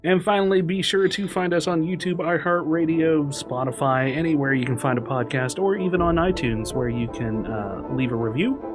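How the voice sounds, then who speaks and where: A man's voice: on the high side, normal speed, few pauses, over music. A man co-hosting a casual podcast, chatty and upbeat, who laughs easily. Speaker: podcast co-host. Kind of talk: casual chat.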